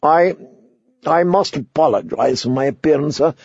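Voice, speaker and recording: A man voicing a frightened, pompous older high-born lord who pleads in a shrill voice. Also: moderate pace, gravelly, a little mellow, husky, dry recording, muffled recording. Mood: fussy, self-pitying. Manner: shrill pleading, then fussy self-pity.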